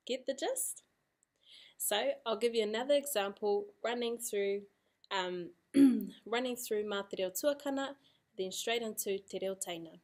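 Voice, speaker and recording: A woman's voice: medium pitch, measured pace, long pauses. A woman teaching a language lesson, casual and encouraging, repeating drills aloud.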